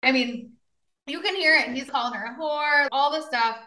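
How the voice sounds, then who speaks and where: Podcast co-host, woman, bright forward voice, casual true crime storyteller with a bit of a high pitch. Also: moderate pace. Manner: chatty storyteller, frequent fillers and laughs.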